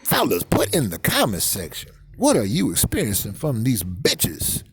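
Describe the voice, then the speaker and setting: A man ranting in a crude, comedic vlog monologue, repeating words rapid-fire and mimicking voices and sound effects. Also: fairly low pitch, wildly swooping pitch, vocal fry, slight background noise. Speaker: vlogger.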